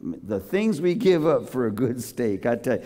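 Theatrical male preacher, lively swooping pitch, long hall reverb. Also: normal speed. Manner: animated, theatrical, joking storyteller. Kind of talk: sermon.

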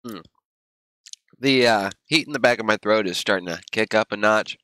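A man's voice: lowish voice, moderate pace, sharp tone, no room sound. A man livestreaming casually, rambling and groaning in pain with teary eyes and a running nose. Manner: rambling, groaning and gasping from spicy heat. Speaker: streamer.

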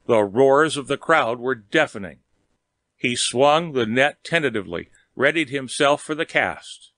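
Man reading a story aloud, steady and measured, mid pitch, dry close sound. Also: no echo. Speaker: narrator. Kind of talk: audiobook reading.

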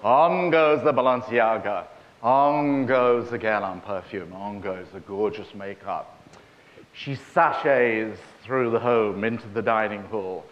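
A man telling jokes on stage in a droll, animated manner. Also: medium pitch, unhurried. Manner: droll, animated joke delivery. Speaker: guest storyteller. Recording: dull lo-fi stage recording.

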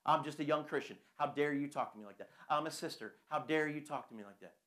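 A man's voice: a little high, fast talker, fairly bright tone, close to an everyday voice. A man voicing a whiny, stubborn adult who refuses any correction, mocking and petulant. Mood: indignant.

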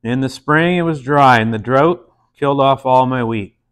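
A man's voice: medium pitch, moderate pace, fairly bright tone, clear, resonant tone, lightly acted. A man doing a glum, folksy farmer. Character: weary male farmer selling peaches door to door.

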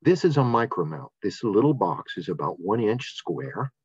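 A man's voice: on the low side, sing-song, normal speed, a little mellow, slightly rough, dry recording. An older man presenting a science lesson in an enthusiastic, casual manner, with fillers and restarts. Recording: dull, dry lo-fi sound.

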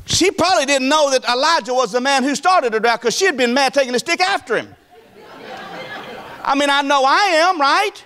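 Pastor, male, folksy emphatic preaching, higher register, big swings up and down. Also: expressive, normal speed, sharp tone, some chatter behind. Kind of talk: sermon.

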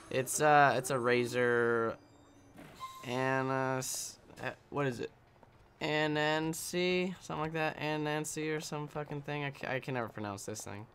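A man's voice: mid-range voice, moderate pace, a bit bright, a little hiss or hum. A man giving casual let's-play commentary while he games, rambling, joking and swearing. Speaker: gameplay commentator.

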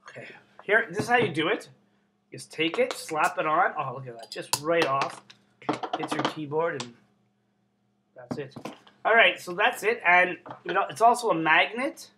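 A young man from Canada vlogging casually, excitable and swearing constantly. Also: on the high side, moderate pace, background noise. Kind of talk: casual unboxing vlog.

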